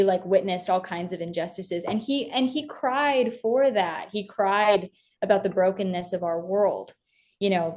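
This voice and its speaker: A woman's voice: mid-range voice, darkish tone. A young woman as an interview guest, talking earnestly and from the heart about her faith, with many fillers and restarts. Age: young adult.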